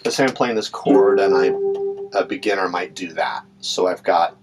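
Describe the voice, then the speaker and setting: Relaxed, chatty ukulele teacher, low-voiced man. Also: normal speed, faint music behind. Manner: relaxed, chatty, with fillers and asides. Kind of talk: casual instructional talk. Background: ukulele playing between phrases.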